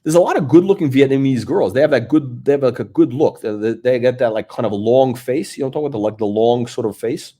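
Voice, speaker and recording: A man's voice: mid-range voice, fast talker, hardly any pauses, mellow. A man hosting a casual podcast, talking in a loose, rambling, joking way with lots of fillers. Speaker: host.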